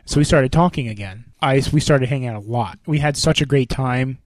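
A man's voice: mid-range voice, fairly quick, no echo. A young man co-hosting a podcast, telling a story animatedly in casual chat, swearing and acting out his own lines. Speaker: podcast co-host.

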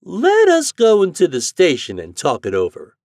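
A man playing a brisk, persuasive gentleman. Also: high voice, wildly swooping pitch, dry recording, clean studio sound, voice pushed up, full character voice. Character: well-dressed smooth-talking gentleman, man.

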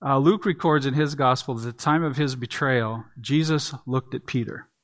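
A man giving a sermon from the pulpit, explaining a text verse by verse. He talks in a plain, conversational teaching manner and sometimes restarts a phrase, with a voice of ordinary middle pitch. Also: normal speed. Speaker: pastor.

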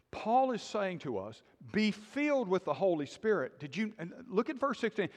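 High-pitched guy preaching, pushes hard then goes quiet, asks the room stuff, echoey church. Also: very animated, normal speed, few pauses. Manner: emphatic preaching, drops to quiet intensity, asks congregation questions. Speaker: pastor. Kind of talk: sermon.

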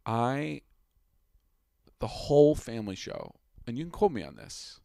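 A man's voice: mid-range voice, big pitch swings, a little slow, vocal fry, dark tone, dry recording, clean studio sound. A young man co-hosting a podcast in goofy, rambling casual chat, calling out mock film-set cues. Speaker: podcast co-host.

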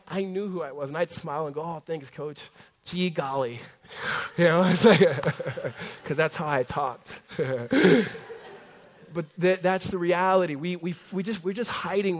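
Conversational young man preaching a sermon. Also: fairly high pitch. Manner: conversational preaching with swings between loud and hushed; frequent fillers and self-interruptions. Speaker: pastor. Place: large room with a congregation.

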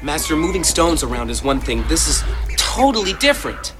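A man's voice: on the high side, very animated, a little fast, over music. An actor playing a frustrated young male pupil who protests and doubts himself. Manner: protesting, whiny. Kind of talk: film dialogue. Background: film score.

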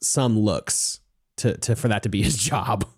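A man's voice: lowish voice, a little slow, breathy edge. Chatty man talking through a book. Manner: rambling, many restarts, acts out characters in quotes. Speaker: podcast co-host. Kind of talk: casual book discussion.

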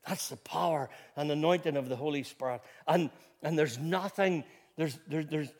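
Man, pastor, sermon, higher-pitched voice, storytelling with restarts, emphatic repeated phrases, long reverb. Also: normal speed, a little mellow. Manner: builds to emphatic, rising preaching with repeated phrases.

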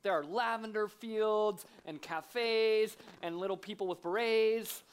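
A man's voice: sits high, a little slow, clear, resonant tone. Man preaching with playful storytelling. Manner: lively, self-deprecating, acts out scenes. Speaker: guest preacher. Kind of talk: sermon with humorous storytelling. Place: church sanctuary.

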